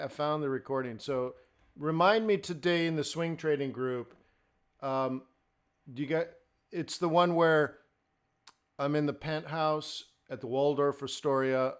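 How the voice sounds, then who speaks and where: A man's voice: medium pitch, fairly even intonation, a little slow, clean tone. A middle-aged man hosting a live forex trading stream, talking in a blunt, fired-up, ranting way.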